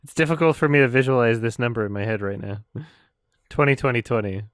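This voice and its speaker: A man's voice: mid-range voice, fast, clean tone, no room sound, clean studio sound. A man from Canada hosting a stream, ranting casually with lots of swearing, restarts and disbelief. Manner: profane, incredulous, stammering restarts. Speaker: streamer host.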